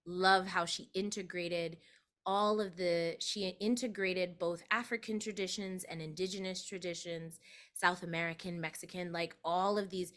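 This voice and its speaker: A woman guest, a doula, telling a personal story in a chatty, animated interview manner. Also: normal speed. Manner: animated, acts out quoted voices with big pitch jumps.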